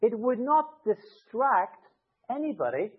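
A man with a rather high voice preaches in a church, talking the congregation through his points with simple what-if examples. The sound is thin and boxy, as if heard down a phone line. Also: very animated, takes it slowly, husky. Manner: explains with everyday hypothetical scenarios. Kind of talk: conversational sermon. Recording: tinny narrow-band sound.

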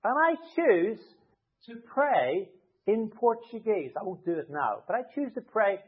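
A man's voice: high voice, very animated, unhurried, husky. A man preaching a conversational sermon from the pulpit, explaining his points with everyday hypothetical scenarios. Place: church. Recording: tinny narrow-band sound.

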